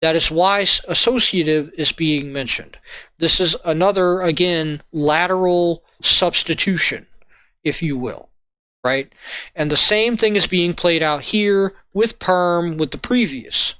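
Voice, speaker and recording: Guy slowly tutoring logic, bright clear voice, keeps asking "right?", dry sound. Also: on the high side, dry recording. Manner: halting, repeats checks like "right?" and "okay?". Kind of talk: informal lesson walkthrough.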